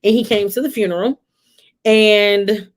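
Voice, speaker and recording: A woman, telling a personal story on a live stream in a conversational, animated way and talking to viewers as y'all. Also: medium pitch, measured pace, slight background noise. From Atlanta area, US. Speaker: livestream host. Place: home, during a rainstorm.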